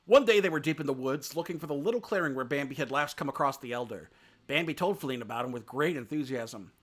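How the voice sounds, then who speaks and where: A man's voice: medium pitch, animated, fast. A man reading a classic children's story aloud on a live stream, narrating expressively. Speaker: VTuber reader.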